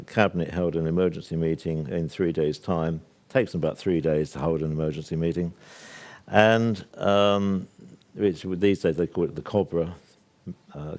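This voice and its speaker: An older man from Britain talks to a live audience at a workshop, his voice sitting low. He speaks assertively, filling gaps with ums and wandering into asides before coming back to his point. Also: a little mellow. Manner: discursive, assertive, with many fillers and asides. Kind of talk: public talk to an audience.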